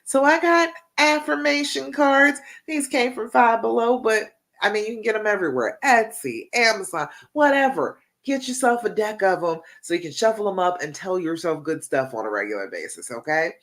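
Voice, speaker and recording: A woman's voice: mid-range voice, expressive, normal speed, few pauses, fairly bright tone. A woman coach on a live stream, giving encouraging instructions in an emphatic, repetitive way and ending many points with "okay?". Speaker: relationship coach.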